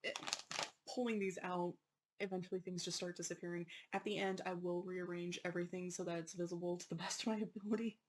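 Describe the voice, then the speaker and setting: Excitable woman chatting through an unboxing. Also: fairly low pitch, quick pace, low-quality recording. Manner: excitable, apologetic, chatty with frequent laughs. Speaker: unboxing channel host. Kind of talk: casual unboxing chat.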